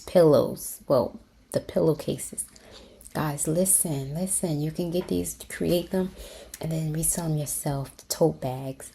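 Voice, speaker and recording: A woman's voice: sits low, gravelly, dark tone, a little hiss or hum. A woman hosting a casual craft tutorial, talking eagerly to her viewers and often dropping to a whisper. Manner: enthusiastic, often drops to a whisper. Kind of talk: casual screen-share tutorial.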